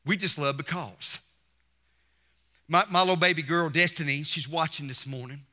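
A man's voice: on the high side, normal speed, bright, forceful tone. A middle-aged man, preaching a Mother's Day sermon from the pulpit with emphatic repetition and call-outs to the congregation. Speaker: pastor. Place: church sanctuary. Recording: long church hall reverb.

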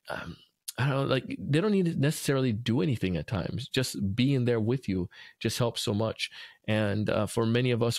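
Male podcast host, low and gravelly, earnest and encouraging, dry close sound. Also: a little mellow, no room sound. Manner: earnest, encouraging, with frequent restarts. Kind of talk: devotional podcast talk.

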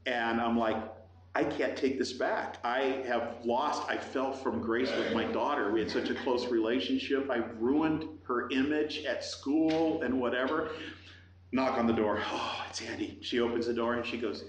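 A man's voice: medium pitch, a little slow. Middle-aged guy preaching, jumps into funny voices for the story, echoey church room, bit of background hum. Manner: animated storytelling, acts out quoted voices. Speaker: pastor. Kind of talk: sermon with personal story. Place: church hall. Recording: echoey room with faint ambience.

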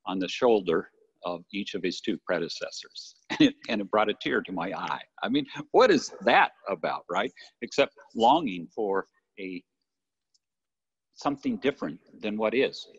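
A man's voice: on the low side, breathy edge. Older male pastor preaching in a reverberant church. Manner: conversational, warm asides with "right?". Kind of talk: sermon. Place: church sanctuary. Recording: lo-fi livestream with long church reverb.

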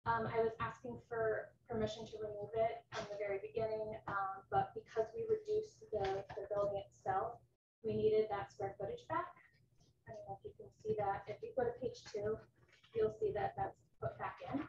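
A woman's voice: on the high side, animated, normal speed, noisy background. A woman applicant earnestly walking a commission through her revised building plans, with many ums. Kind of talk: presenting plans at a hearing. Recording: muffled far-off echoey room mic.

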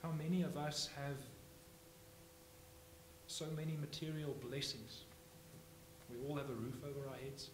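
A man preaching a sermon as pastor, swinging from hushed phrases to loud emphatic ones. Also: a little high, little pitch movement, a little slow, long pauses. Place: church sanctuary. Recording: echoey church, faint hum.

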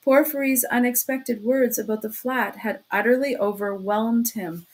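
A woman reads a classic novel aloud as an audiobook narrator. Her storytelling is steady and measured, and her voice sits a little on the high side. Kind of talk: audiobook reading.

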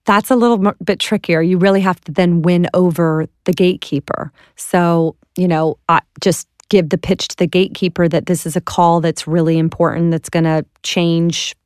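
A woman guest tells her stories with lively, self-deprecating energy and laughs easily along the way. Her voice sits a little low for a woman. The recording is close and dry, with no room sound. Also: normal speed, few pauses, clear, resonant tone, no echo. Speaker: entrepreneur guest. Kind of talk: animated storytelling in an interview.

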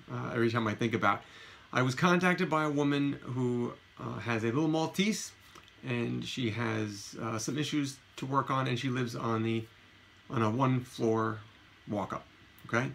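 A dog trainer tells a story from his job in a relaxed vlog, talking straight to the camera. He is animated and acts out what people said in a raised voice. His voice sits mid pitch, with a faint hiss behind it. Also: creaky.

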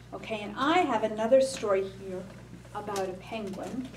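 A woman leading a children's storytime, singing a song, reading picture books aloud and teaching a finger play in a slow, gentle, sing-song way. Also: medium pitch. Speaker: children's librarian. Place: library storytime room. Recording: faint room noise, mic at a distance.

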